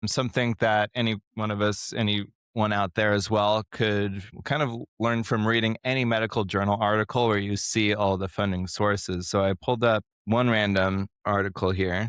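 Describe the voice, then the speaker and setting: A man's voice: fairly low pitch, fairly bright tone, smooth, no room sound, studio quality. A man co-hosting a podcast, speaking earnestly and with indignation while reading aloud from articles. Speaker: podcast co-host. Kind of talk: casual podcast discussion.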